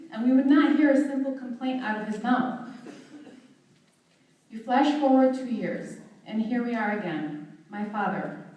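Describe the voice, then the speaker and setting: A young woman delivering a heartfelt, measured eulogy at a memorial service, recorded from a distance in a large hall. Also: fairly high pitch, dull audio. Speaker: daughter giving a eulogy. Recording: very echoey hall, voice from far off.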